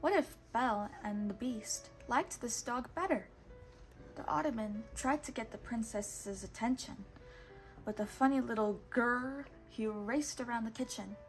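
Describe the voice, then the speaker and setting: A woman reading a children's storybook aloud in a steady, patient way, now and then correcting a word. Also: fairly high pitch. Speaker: storybook reader.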